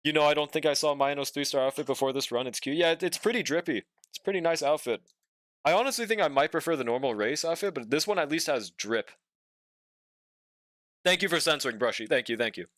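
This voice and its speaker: A young male gaming streamer talks fast in a slightly high, animated, somewhat bright voice, yet sounds sleepy and yawns. He's laid-back and drawling, swears often, and reads and answers chat during casual live-stream conversation. The sound is clean studio audio with no room sound.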